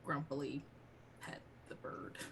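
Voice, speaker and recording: A woman's voice: slow, heavy background noise. A woman playing in a tabletop game, grumpy and indignant in banter. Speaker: player.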